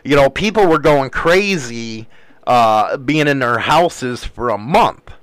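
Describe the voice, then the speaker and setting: A man's voice: mid-range voice, animated, slow, fairly bright tone, no echo, low-quality recording. A married man rambling casually in a profane way, full of fillers and calls of "man". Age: adult, married.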